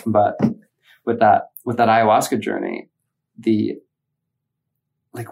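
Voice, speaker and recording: Animated man telling a story. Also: lowish voice, slow pace, vocal fry. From Michigan. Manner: animated, acts out his own inner voices. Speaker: guest. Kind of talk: casual storytelling in conversation.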